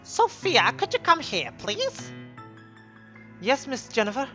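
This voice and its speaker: A man puts on a spoiled young sister with a sugary, teasing lilt. Her voice is high and bright, and the recording sounds slightly dull. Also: huge pitch swings, slow pace, soft background music, heavily acted. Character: young, gushing, spiteful sister.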